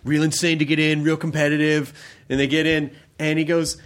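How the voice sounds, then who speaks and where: A man's voice: a little high, level tone, fairly quick. A man hosting a casual conversation, easygoing, with joking interjections. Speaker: host.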